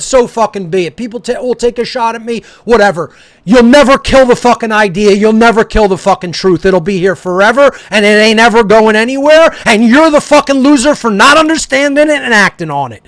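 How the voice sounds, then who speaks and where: A man's voice: extremely high pitch, fairly bright tone, no echo. A man delivering an aggressive, profane rant that berates his listeners. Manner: aggressive, berating, swearing constantly. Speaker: speaker. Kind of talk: profane ranting monologue.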